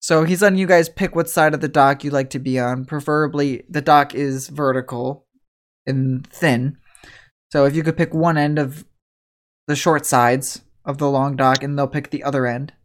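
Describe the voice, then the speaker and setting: A man running a tabletop role-playing game as game master, narrating scenes and describing creatures in a relaxed storytelling manner. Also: on the high side, moderate pace. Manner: relaxed storytelling, slipping into character voices.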